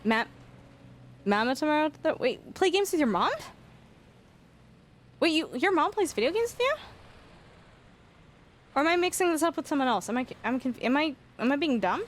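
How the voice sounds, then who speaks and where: A young woman chatting casually on a live stream, telling an embarrassing story with lots of laughter and sudden high squeals. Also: normal speed, long pauses. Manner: animated storytelling, frequent laughter, rising squeals. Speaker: livestreamer.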